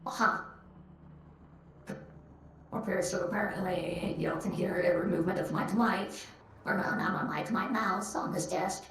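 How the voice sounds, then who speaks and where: A man's voice: sits high, moderate pace, long pauses, fairly bright tone, slight background noise, voice pushed up. A man talking through a voice changer that turns him into a girlish voice, trying out its settings in casual chat. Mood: curious. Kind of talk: casual game-stream chat. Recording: echoey processed voice.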